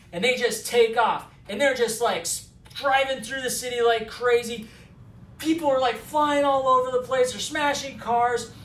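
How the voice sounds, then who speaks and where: A man co-hosting a film talk, excitedly retelling a movie scene and acting out the lines, recorded at a distance in an echoey space. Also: very high-pitched. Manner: animated retelling, acting out quotes. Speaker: co-host. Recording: roomy echo, far from mic.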